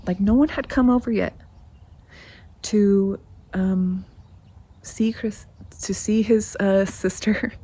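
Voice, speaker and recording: A woman in her thirties telling family stories to camera in a rambling, animated way, acting out what people said. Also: medium pitch. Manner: rambling, animated, acts out quotes, laughs often. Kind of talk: casual storytelling to camera.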